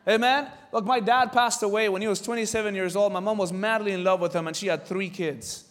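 A man preaching a sermon with animated delivery, jumping from shouted lines to quiet asides. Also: high-pitched, brisk. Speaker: pastor. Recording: reverberant hall from a distance.

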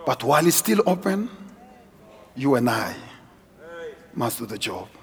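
A middle-aged man preaching a sermon as guest preacher in a large church hall, swinging from quiet asides to shouted exhortation. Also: a little slow. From South Africa. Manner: animated, shifts from low asides to shouted exhortation. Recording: husky voice with long church-hall reverb.

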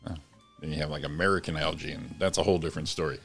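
Deep-voiced laughing male co-host. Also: steady tone, rapid-fire, a bit bright, faint music behind. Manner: laughs often, swears freely, stumbles over words. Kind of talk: casual morning show banter.

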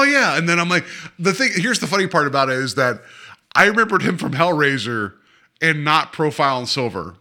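A man co-hosting a casual film podcast, rambling and animated, with many restarts and asides. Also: medium pitch. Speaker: podcast co-host. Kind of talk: casual chat about films.

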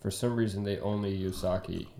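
A man's voice: low voice, steady tone, moderate pace, vocal fry, warm tone. A man hosting a podcast, chatting casually in a jokey, enthusiastic way. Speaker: podcast host. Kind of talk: casual chat. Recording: echoey room, faint noise.

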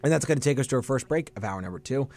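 A man's voice: mid-range voice, expressive, rapid-fire, darkish tone. A young man hosting a college sports radio show in a studio, confident and teasing his co-host. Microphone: studio microphone with headphones.

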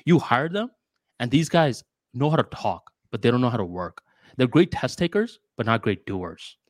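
A man's voice: mid-range voice, lively intonation, moderate pace, no echo, studio quality. A man co-hosting a podcast, talking candidly in casual chat. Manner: candid, short interjections. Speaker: podcast co-host.

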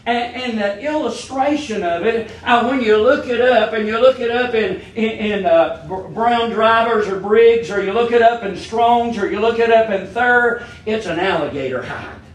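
A man preaching an impassioned sermon, his voice swinging from hushed tones to shouting, with frequent stammering restarts. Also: very high-pitched, moderate pace, few pauses, roomy sound, slight background noise.

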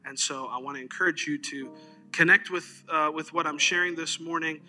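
Male pastor: bright, lively storyteller preaching to his church, peppers talk with amens. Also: a little high, brisk, soft background music. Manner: conversational, animated storyteller, frequent "amen". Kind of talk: sermon. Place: church service.

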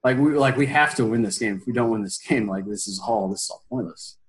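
A man in his twenties telling a story as an interview guest, animated and full of fillers, bursting into loud quoted pep talks. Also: mid-range voice, quick pace, poor audio. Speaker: former college baseball player, guest.

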